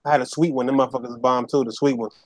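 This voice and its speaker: A man co-hosting a podcast, joking around in loud slang banter during casual chat. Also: medium pitch, fairly even intonation, rapid-fire, dry recording. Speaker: podcast co-host.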